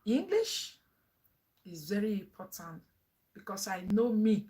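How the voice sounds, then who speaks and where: A woman's voice: mid-range voice, sing-song, a little slow, mellow. A woman with a Nigerian accent, a mother chatting animatedly in a family vlog, laughing often and mixing English with pidgin.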